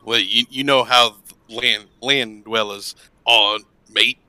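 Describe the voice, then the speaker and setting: A man's voice: on the low side, fairly even intonation, takes it slowly, pushed and bright, no echo, exaggerated voice. A man voicing a jolly male shark creature who talks in chummy, old-fashioned upper-crust phrases.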